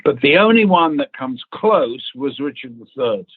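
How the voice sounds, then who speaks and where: A man's voice: medium pitch, very animated, moderate pace, husky, no room sound. Man, actor guest; chatty anecdotes with acted-out quotes, over a thin phone-line signal. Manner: storytelling, acts out quoted people, swears casually. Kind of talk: anecdotal interview chat. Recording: tinny phone-line audio.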